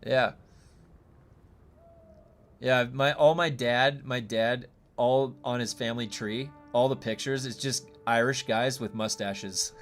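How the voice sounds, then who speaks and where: A man's voice: medium pitch, steady tone, slow, soft background music. A man from the United States streaming a game and chatting casually with viewers, rambling with many fillers and restarts.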